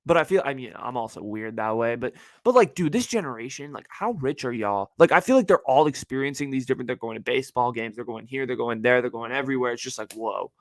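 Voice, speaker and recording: A man's voice: fast talker, few pauses, no room sound. A young man hosting a podcast, ranting casually with slang and swearing, and jumping into mocking voices. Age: young adult. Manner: animated, swearing, slangy, jumps into mocking high-pitched voices. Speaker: podcast host. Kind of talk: casual solo rant.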